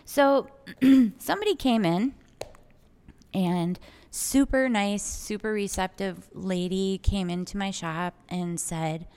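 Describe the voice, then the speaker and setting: A woman's voice: mid-range voice, slow, clear, resonant tone. Chatty woman telling a shop story. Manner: chatty, animated, acts out quoted customers. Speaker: podcast co-host, aromatherapy shop owner. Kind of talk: casual chat, storytelling.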